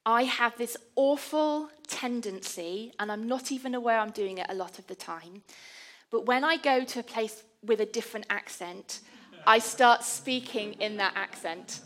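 A woman's voice: fairly high pitch, normal speed, a bit bright. A woman giving a conversational, self-deprecating sermon. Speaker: preacher.

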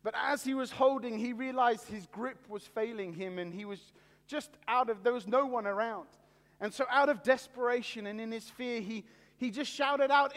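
Male pastor, sermon, earnest, deliberate pauses, high voice, long hall reverb. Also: a bit bright. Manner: earnest, deliberate preaching with slow dramatic pauses.

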